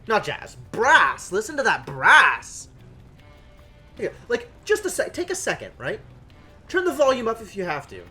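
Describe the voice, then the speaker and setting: A woman streamer giving chatty, excitable, self-mocking commentary on a game. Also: mid-range voice. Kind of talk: let's play commentary. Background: game music.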